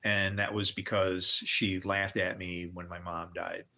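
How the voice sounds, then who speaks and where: A man's voice: low voice, flat delivery, a little slow, pushed and bright. An older man telling candid personal stories on a livestream, swearing and adding religious asides. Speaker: livestream host. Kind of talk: rambling personal storytelling.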